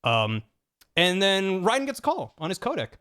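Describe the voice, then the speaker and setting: A man's voice: sits high, normal speed, clean tone. A man streaming, casually recapping a story in a rambling, jokey way with many restarts and laughs. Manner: animated storytelling.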